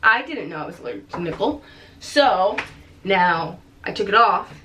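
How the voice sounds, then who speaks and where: A woman's voice: mid-range voice, lively intonation, moderate pace, lo-fi sound, background noise. A young woman rambling and giggling as she chats casually to the camera in a vlog. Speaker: vlogger.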